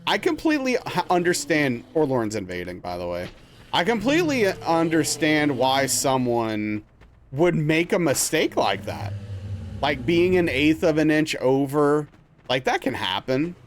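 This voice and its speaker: Brief: young male streamer, slightly high-pitched, loose rambling chatter, peppers his talk with "dude". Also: measured pace, slight background noise. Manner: rambling, animated storytelling with lots of "dude" and "like". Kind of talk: casual chat while playing a game live.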